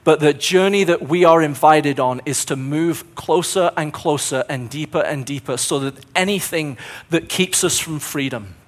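A man's voice: fairly high pitch, moderate pace. A man preaching a sermon in an earnest way, building his points through repeated phrases, his voice a little strained. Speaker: pastor.

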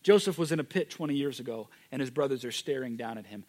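A man preaching a sermon, moving from loud, emphatic declarations to hushed, intimate moments. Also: medium pitch, animated, quick pace. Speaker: pastor.

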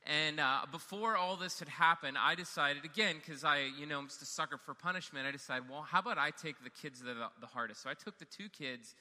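A young man telling a self-deprecating story in a lively way, with many fillers and restarts. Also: on the high side, brisk, hardly any pauses, long reverb tail. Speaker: camp counselor telling a story. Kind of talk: storytelling talk.

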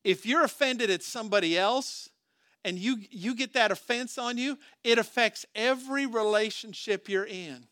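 A man's voice: high-pitched, moderate pace, pushed and bright, clear, resonant tone, no room sound, clean studio sound. A man preaching a sermon as pastor, talking to the congregation in a conversational way, with rhetorical questions and frequent restarts.

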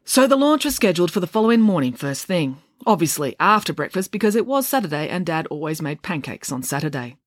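A woman's voice: fairly low pitch, quick pace, hardly any pauses, no room sound, studio quality. Woman reading bedtime stories. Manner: playful, deadpan humour. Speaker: children's storyteller.

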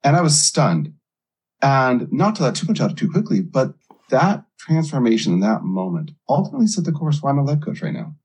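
A man's voice: mid-range voice, sing-song, fairly quick, a little mellow, husky. A middle-aged man, a life coach, earnestly telling his own story in an interview.

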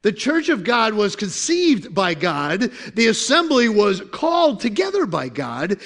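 A man's voice: high-pitched, huge pitch swings, measured pace, gravelly, hardly any pauses, fairly bright tone. A man pastor preaching a sermon in a conversational way, with joking asides and questions to the congregation.

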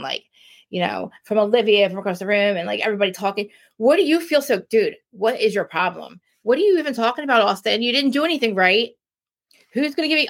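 A woman's voice: fairly high pitch, vocal fry, fairly bright tone. A woman in her forties hosting a podcast, recapping a reality show in an exasperated, ranting way with lots of filler words. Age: 40s. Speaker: podcast host. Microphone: podcast mic, live streamed.

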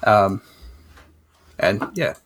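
Relaxed man hosting a podcast. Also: lowish voice, extremely slow. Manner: relaxed, rambling with fillers. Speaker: podcast host. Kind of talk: casual podcast chat.

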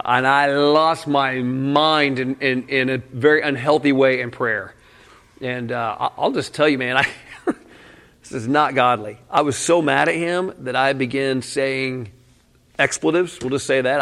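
A man's voice: mid-range voice, fairly bright tone. Man preaching a casual sermon. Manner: casual, candid, peppered with "man" and short laughs. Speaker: pastor. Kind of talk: conversational sermon.

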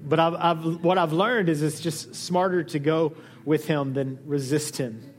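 A man preaching a sermon as a pastor, animated, acting out the dialogue he quotes. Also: measured pace, faint music behind. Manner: lively, acts out quoted dialogue with shifting pitch. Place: church hall.

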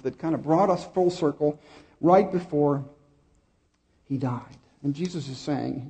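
A middle-aged man preaching a sermon, telling a personal story with pauses and repeated words. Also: a little high, a little mellow. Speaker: pastor.

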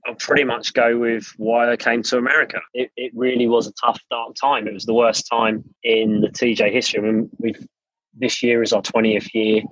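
A man's voice: mid-range voice, flat delivery, normal speed, a bit bright, slightly rough, dry recording. A middle-aged English man, a studio founder, chatting casually as a podcast guest and telling stories with frequent restarts. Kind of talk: casual interview storytelling. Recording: dull lo-fi podcast audio.

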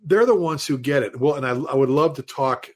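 A man, a fire chief guest on a show, telling stories in an animated, casual way with many restarts and repeated words. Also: medium pitch, fairly quick. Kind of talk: casual storytelling.

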